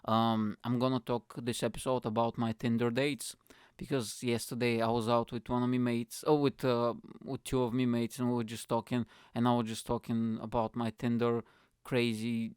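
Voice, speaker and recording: A young man hosting a comedy podcast from home, ranting in a profane, animated way. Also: mid-range voice, moderate pace, clean tone, no echo, studio quality. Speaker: podcast host.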